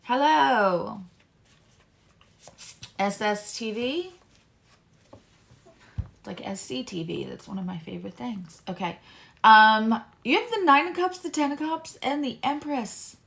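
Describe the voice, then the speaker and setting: A woman's voice: a little high, animated, takes it slowly, creaky, pauses often, fairly bright tone. Chatty woman giving live tarot readings. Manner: chatty and rambling, talks to chat viewers. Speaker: tarot reader hosting a live stream.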